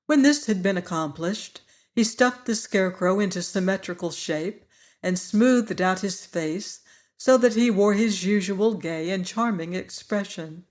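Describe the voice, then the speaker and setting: A man narrating an audiobook in a measured, even storytelling manner. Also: high voice. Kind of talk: scripted narration.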